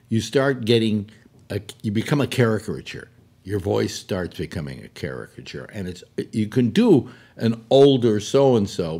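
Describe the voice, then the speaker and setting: Lively, rambling older male host. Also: lowish voice. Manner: rambling, lots of restarts. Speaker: talk show host. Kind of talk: casual chat.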